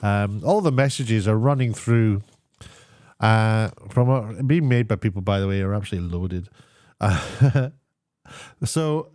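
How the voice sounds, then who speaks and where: A man giving a casual spoken TV review, sarcastic and meandering, often pausing to search for words. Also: on the low side, darkish tone, no echo, studio quality.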